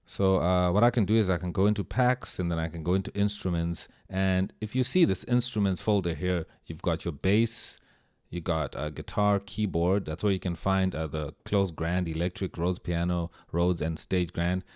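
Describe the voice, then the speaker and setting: A man's voice: sits low, normal speed, a little mellow, dry recording, clean studio sound. A man giving a casual, slang-filled lesson on music production, easygoing as he walks through sounds. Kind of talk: casual screen-share tutorial. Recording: music playing under the voice.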